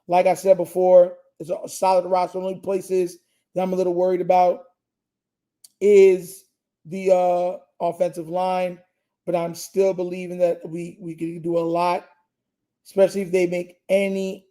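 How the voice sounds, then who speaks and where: Young male live-stream host, high-pitched but mellow, monotone, slangy and repetitive. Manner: emphatic, repeats phrases, slangy. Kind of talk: casual live reaction chat.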